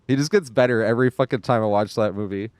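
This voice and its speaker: A man's voice: medium pitch, quick pace, darkish tone, dry recording. A man live-streaming a game, chatting casually in a rambling, profane way, chuckling often. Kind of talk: casual live-stream chat while gaming.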